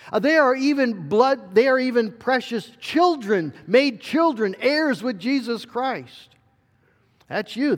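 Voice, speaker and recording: High-voiced male pastor preaching in a hall. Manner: earnest preaching with fillers and restarts. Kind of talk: sermon.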